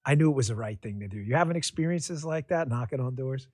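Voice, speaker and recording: A man hosting a conversational podcast and talking at a middling pitch. He rambles easily through his stories with fillers and restarts. His voice sounds close and dry. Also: expressive, fast talker, darkish tone, no room sound. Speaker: podcast host. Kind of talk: conversational interview storytelling.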